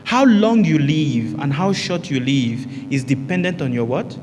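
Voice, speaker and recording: In a big-sounding room with a little hiss, a man gives a spiritual teaching to his meditation group. His voice is fairly high yet darkish, animated and unhurried, and he asks rhetorical questions he then answers, repeating key phrases to stress them.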